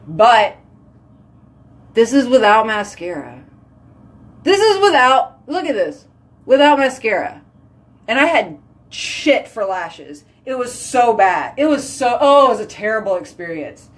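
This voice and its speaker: A woman's voice: on the high side, sing-song, a little slow, pauses often. A chatty woman, hosting a casual live stream and talking with her viewers. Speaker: livestream host.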